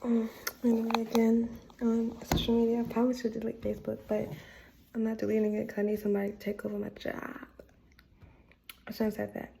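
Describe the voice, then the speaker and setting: A woman's voice: fairly high pitch, completely flat delivery, fast talker, creaky, heavy background noise. A young woman ranting casually to camera, blunt and exasperated, with lots of filler words. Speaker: vlogger.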